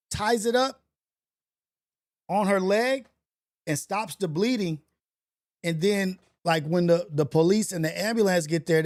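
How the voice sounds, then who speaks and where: A man's voice: sits high, darkish tone. A man hosting a casual livestream, telling a story in loose slang full of fillers and restarts. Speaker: livestream host. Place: home setup for a portrait livestream.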